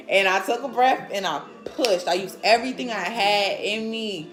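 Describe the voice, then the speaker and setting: A woman's voice: mid-range voice, normal speed, over music. Candid young woman telling a story. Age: 20s. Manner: animated, acts out what others said; laughs often, candid and frank. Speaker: vlogger and new mother. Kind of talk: casual storytelling to viewers.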